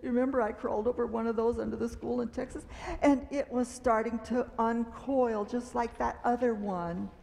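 Woman, children's storyteller, church service, animated, dramatic cries, long hall reverb. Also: a little high, normal speed, gravelly. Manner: animated, acts out fearful exclamations and screams. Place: large meeting hall.

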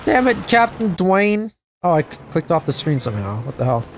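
A young man giving casual, self-mocking commentary over his gameplay, his voice jumping high when things go wrong. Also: very animated, fairly quick, a little hiss or hum. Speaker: gaming channel host. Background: game music and gunfire.

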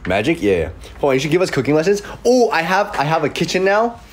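A man's voice: on the high side, sing-song, quick pace, slight background noise. A young man in his twenties with a cold, joking casually while reading chat on a livestream in his room. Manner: playful, jokey, reacting to comments. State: sniffly with a cold. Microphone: desk mic.

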